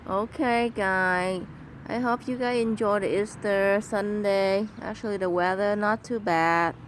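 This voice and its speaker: Slow-talking chatty woman in her yard. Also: mid-range voice, fairly even intonation, slight background noise. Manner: chatty, keeps apologizing, simple broken English. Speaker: vlogger and mother. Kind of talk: casual vlog chat.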